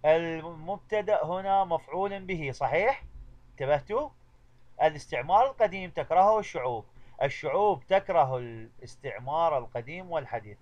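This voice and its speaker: A man's voice: a little high, darkish tone, dull audio. Man teaching translation. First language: Arabic. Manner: repeats model sentences slowly, switches between English and Arabic. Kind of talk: classroom lecture.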